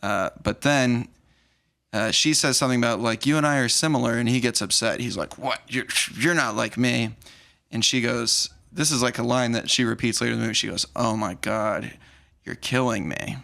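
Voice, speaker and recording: A podcast host with a gravelly voice walks through a film in a casual chat. He retells it scene by scene and slips into the characters' lines as he goes. His voice sits at an average pitch. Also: normal speed. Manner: animated retelling, acts out lines. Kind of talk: casual movie recap.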